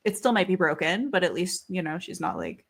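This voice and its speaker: A woman's voice: fairly low pitch, wildly swooping pitch, brisk, vocal fry. A woman in her thirties, a podcast co-host, telling a story in casual chat. She rambles with many fillers and swears freely.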